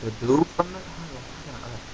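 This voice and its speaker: A young man telling a story to his viewers in a casual, animated way, swearing and ranting with rhetorical questions. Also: medium pitch, quick pace, husky, low-quality recording. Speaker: vlogger.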